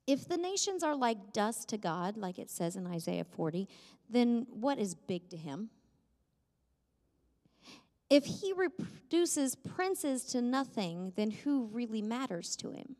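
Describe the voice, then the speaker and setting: A woman's voice: a little high, sing-song, slow, a little mellow. Woman preaching in a reverberant church. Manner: conversational and self-deprecating, with light humor. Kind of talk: sermon. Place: church sanctuary. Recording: long reverb of a church hall.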